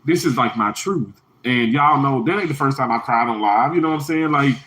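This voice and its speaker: A man's voice: animated, a little fast, pushed and bright, poor audio. A man hosting an emotional livestream, talking in a heartfelt, rambling way to his viewers. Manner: heartfelt, rambling, repeats himself, pitch jumps high when emphatic. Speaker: livestream host.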